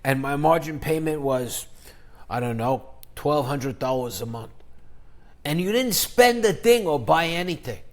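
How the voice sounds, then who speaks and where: A man ranting through an investing vlog, crude and profane, mocking rivals with sudden loud jabs in a loose, rambling delivery. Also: on the high side, animated, unhurried. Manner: crude, profane, mocking shock-jock banter. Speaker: finance YouTuber.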